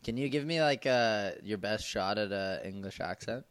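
A man's voice: fairly low pitch, moderate pace, clean tone. A young man hosting a podcast, chatting casually and prompting his friends with easygoing questions. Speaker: podcast host. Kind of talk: casual chat.

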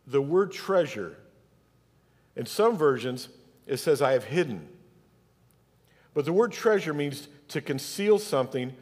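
A man's voice: on the high side, lively intonation, a little slow, pauses often, darkish tone. A man preaching a Sunday sermon as pastor, emphatic and speaking directly to his congregation in a church. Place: church sanctuary. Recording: long church hall reverb.

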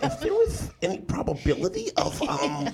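A man's voice: high voice, wildly swooping pitch, normal speed, creaky, over a noisy crowd, exaggerated voice. A man putting on the voice of an overly polite, hesitant nerd, speaking formally and stifling laughs. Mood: mock-formal. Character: overly polite nerdy man asking a favor.

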